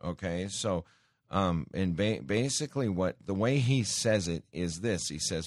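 A man's voice: deep voice, animated, unhurried, dry recording, studio quality. A man giving an earnest sermon-style teaching, talking with many fillers and restarts and rising in emphasis when he cites scripture. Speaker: Christian teacher.

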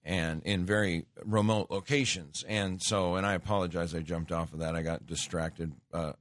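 A man's voice: low-pitched, steady tone, normal speed, dry recording. A man hosting a talk show from a studio, speaking in a rambling, conversational monologue full of restarts and asides. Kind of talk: casual radio monologue. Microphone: studio microphone.

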